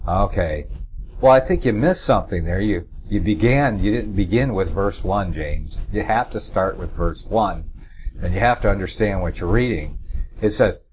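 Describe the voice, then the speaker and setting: A middle-aged man with a lowish voice hosts a religious call-in radio show. He rambles with frequent filler uhs and hits key words hard when he reads scripture. A faint hum sits behind him. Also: measured pace. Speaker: radio talk show host.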